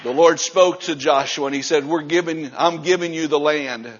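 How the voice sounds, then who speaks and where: A man preaching a sermon as pastor, moving from low, quiet passages up to loud, shouting stretches. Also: moderate pace, muffled recording, a crowd in the background, noisy background.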